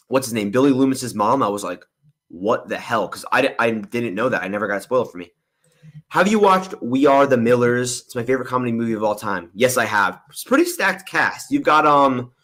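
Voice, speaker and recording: A young man's mid-range, fairly bright voice carries his movie livestream Q&A, where he takes viewer questions. His replies are rambling and candid, often including "honestly" and "I'm gonna be real."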